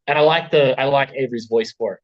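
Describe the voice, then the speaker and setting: A man's voice: mid-range voice, fast. Chatty Australian man, slightly muffled. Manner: animated, laughs often, lots of fillers. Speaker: fan filmmaker guest. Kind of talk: casual chat.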